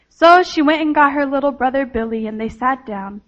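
A woman leading a children's sermon, telling a story gently to the children and closing with a prayer. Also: high voice, a little fast, hardly any pauses, lo-fi sound.

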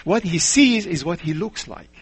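A man preaching a sermon in a measured way, asking rhetorical questions and telling stories. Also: high voice, animated, breathy edge.

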